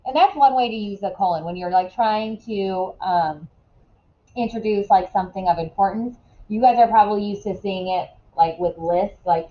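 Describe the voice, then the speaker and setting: A woman teaching a classroom lesson in a casual way, asking quick questions and often checking in with "right?". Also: medium pitch, dull audio.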